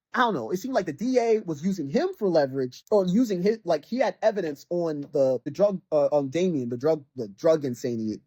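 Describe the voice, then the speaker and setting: A podcast host rants through a casual game critique, and the voice swings up and down in pitch. The delivery is loose and rambling, full of restarts and "like" fillers. The sound is dry and close, with no room around it. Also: darkish tone, no room sound. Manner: rambling, heavy use of "like", frequent restarts. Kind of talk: casual game review rant.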